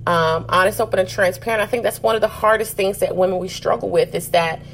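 A woman's voice: medium pitch, fairly even intonation, fast, creaky, a little hiss or hum, low-quality recording. Earnest woman hosting a faith podcast. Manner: earnest, preachy, emphatic with restarts. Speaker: podcast host. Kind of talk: faith-based podcast monologue.

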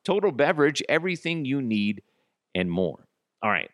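A man's voice: mid-range voice, very animated, moderate pace, fairly bright tone, no room sound, studio quality. A man hosting a comedy podcast, ranting sarcastically and swearing, sometimes acting out both sides of an argument. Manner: profane, sarcastic, acts out both sides of a dialogue. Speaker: podcast host. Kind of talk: comedic solo podcast rant.

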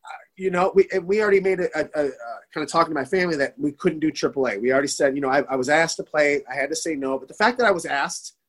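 Podcast guest: middle-aged man from the Detroit area, animated storyteller, voice sits a bit high. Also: rapid-fire. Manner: storytelling, animated, swearing, acts out quotes. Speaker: guest, former youth hockey goalie. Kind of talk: casual podcast conversation.

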